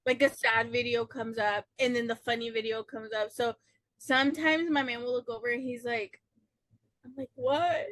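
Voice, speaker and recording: A woman's voice: on the high side, fairly even intonation, moderate pace, a bit bright, no echo. A woman guest, a business owner, chatting casually, giggly and tired. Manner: giggly, laughs often. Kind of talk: casual chat.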